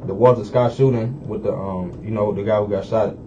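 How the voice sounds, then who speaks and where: A man's voice: fairly low pitch, fairly even intonation, a little fast. A man co-hosting a radio talk show, laid-back and slangy, steering the casual chat to the next topic. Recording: dull lo-fi radio recording, faint hiss.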